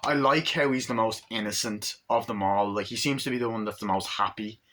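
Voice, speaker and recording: A young man talks through a film review in a loose, offhand way, piling on fillers and the odd swear word. His voice has a bright, forward edge. It comes across as unscripted and chatty. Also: on the low side, brisk, a little hiss or hum. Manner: rambling, fillers and casual swearing. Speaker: movie reviewer. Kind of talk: casual movie review.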